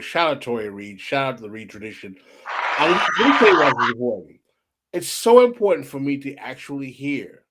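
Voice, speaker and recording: A male podcast host with a lively voice that swings widely in pitch. He presses his points in an emphatic and provocative way and drives the conversation forward. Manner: emphatic, provocative, animated questioning. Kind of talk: interview.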